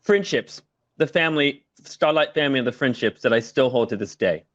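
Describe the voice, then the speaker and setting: A man's voice: medium pitch, a little fast, no echo, lo-fi sound. A middle-aged man, a former musical performer, telling stories as an interview guest in a chatty way, laughing often and using many fillers. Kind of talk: casual video-call interview.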